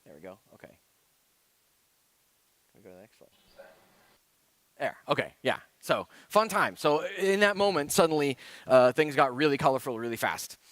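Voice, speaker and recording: A man's voice: fairly high pitch, lively intonation, normal speed, long pauses, a bit bright. A man giving a casual conference talk, rambling and chatty, with many fillers like "uh" and "like". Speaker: conference speaker.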